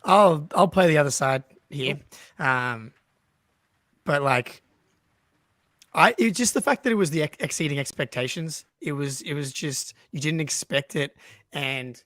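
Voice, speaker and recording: A man with a slightly higher voice co-hosts a casual podcast, rambling through a story with plenty of 'like' and easy laughter. The recording is dry and close. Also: lively intonation, unhurried, fairly bright tone, dry recording. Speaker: podcast co-host.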